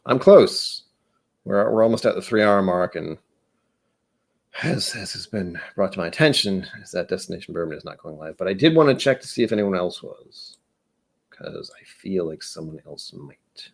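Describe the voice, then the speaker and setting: An American man hosts a casual whiskey livestream from indoors at home, his low-pitched voice creaky and expressive at a moderate pace. Chatty and rambling, he reads chat aloud and pokes fun at himself.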